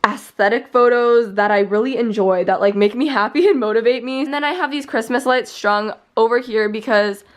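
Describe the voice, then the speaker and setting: A young woman chatting her way around her bedroom on camera. Her talk is rambling and casual, full of "like" and little asides. This is a relaxed home vlog. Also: on the high side, a little fast, hardly any pauses. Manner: chatty, rambling, heavy use of "like". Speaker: vlogger. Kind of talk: casual room tour vlog. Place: bedroom, indoors.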